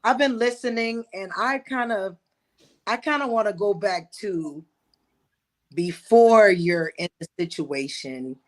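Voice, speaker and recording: A woman on a discussion panel who speaks in a measured, thoughtful way. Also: mid-range voice.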